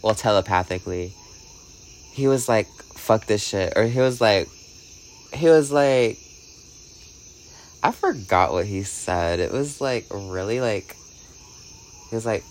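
A man's voice: lowish voice, unhurried, long pauses. Rambling man telling a story with "like". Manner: rambling, fills every phrase with "like"; animated, swings from hushed to excited. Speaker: vlogger. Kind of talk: casual storytelling vlog.

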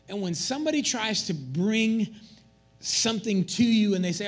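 A man preaching a sermon as pastor, animated and joking with the congregation in a church. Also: high voice, moderate pace, faint music behind.

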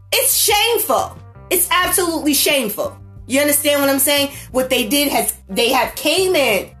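A woman delivering an impassioned, profane political rant, repeating herself and shouting at times. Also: sits high, echoey room. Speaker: political commentator.

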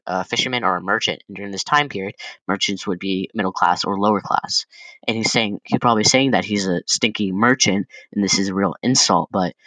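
A young man giving a casual class presentation, loose and halting with many fillers and restarts. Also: lowish voice, a bit bright, no echo, low-quality recording. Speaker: student presenter.

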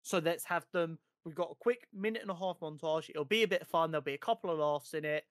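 A man on a podcast, talking through a film in an easy, animated way. He tends to trip over his words and repeat them when he gets going. His voice sits a little high and sounds dry and close. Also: fast talker, clear, resonant tone, no echo. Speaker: podcast co-host. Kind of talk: casual film review chat.

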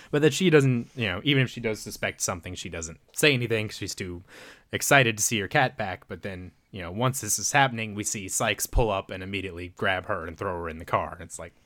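Podcast co-host, man, lowish voice, dry close mic, chatty recap with lots of "like". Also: fairly bright tone, no room sound. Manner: rambling, filler-heavy retelling with quick voiced quotes. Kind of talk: casual movie recap chat.

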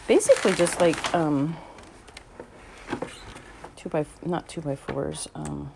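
A middle-aged woman painter talking casually to herself as she sets up, rambling and halting with many fillers, sometimes dropping to a soft whisper. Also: deep voice, gravelly, background noise. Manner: drops to a soft whisper now and then. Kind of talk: casual spoken vlog while setting up to paint.

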